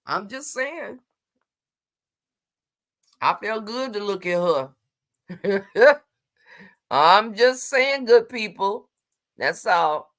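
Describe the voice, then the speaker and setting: A woman's voice: fairly high pitch, lively intonation, fairly bright tone. A woman co-hosting a casual livestream, reading viewer comments aloud and answering them in a sassy, emphatic, colloquial way. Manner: colloquial, drawn-out exclamations.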